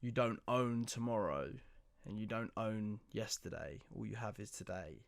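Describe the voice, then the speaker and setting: A man's voice: lowish voice, lively intonation, moderate pace, vocal fry. A man co-hosting a casual film podcast, thinking aloud hesitantly and trailing off. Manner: hesitant, trails off, many fillers. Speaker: podcast co-host.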